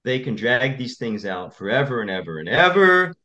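A man's voice: medium pitch, sing-song, normal speed, pushed and bright. A male attorney speaking as an interview guest, emphatic and repetitive as he tells stories. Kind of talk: interview conversation.

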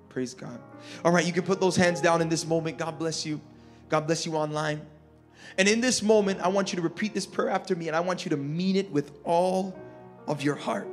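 Fervent male pastor, high voice, altar call over a faint music bed. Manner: fervent, repetitive, builds to shouts. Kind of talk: altar call and sermon closing. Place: large church auditorium.

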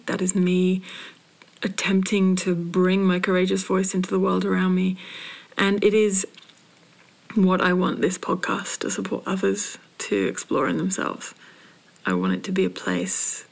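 A woman from Britain, a spoken word poet and coach, hosting a podcast in a slow, searching monologue with restarts and soft breathy passages. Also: mid-range voice. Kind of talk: reflective solo podcast monologue.

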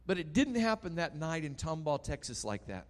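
A man preaching a sermon, telling a story dramatically and swinging between loud and hushed. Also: fairly high pitch, big pitch swings, moderate pace.

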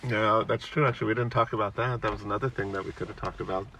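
A man's voice: fairly low pitch, steady tone, fast talker, pushed and bright. A man chatting casually, playfully quizzing and repeating words back. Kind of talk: casual chat. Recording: distant mic with faint background noise.

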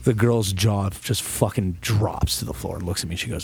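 A young man with a lowish voice spins a long, swearing-laced story on a casual podcast. He rambles and restarts, then slips into the voices of the people in his story. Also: moderate pace, creaky, few pauses, darkish tone, husky. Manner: profane, rambling storyteller who acts out quotes. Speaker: podcast co-host.

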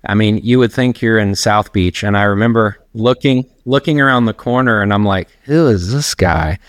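A man's voice: fairly low pitch, fairly even intonation, a little fast, clean tone, dry recording, studio quality. A middle-aged man, a personal trainer, telling long rambling stories as a guest in a casual interview. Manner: rambling, anecdotal, laughs while telling stories.

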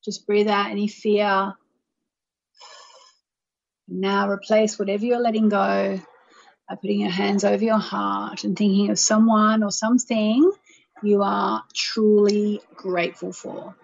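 A woman's voice: medium pitch, little pitch movement, measured pace, creaky, dull audio. A woman hosting a call-in show, guiding listeners through a meditation and chatting with callers in a soothing, chatty way. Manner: soothing and chatty, leads chants. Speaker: radio show host and astrologer. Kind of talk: guided meditation and call-in chat. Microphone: plain microphone without reverb.

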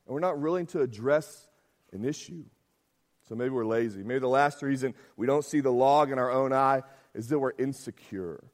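A man's voice: mid-range voice, normal speed. A man preaching a sermon as pastor, talking conversationally, often asking "right?" and acting out quotes.

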